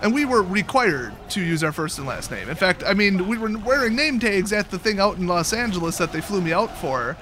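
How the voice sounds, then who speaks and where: High-voiced man telling stories casually. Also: brisk, hardly any pauses, a little hiss or hum. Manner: laughing, loose and animated storytelling. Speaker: streamer host. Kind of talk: casual storytelling chat.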